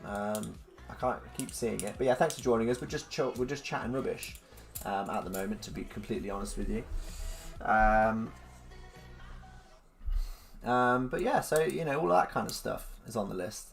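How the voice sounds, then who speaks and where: A man hosts a livestream, rambling casually, reading out viewer comments, and dropping plenty of ums along with mock-incredulous asides. His voice is lowish and gravelly at a normal speed, with long pauses. Faint music plays behind him.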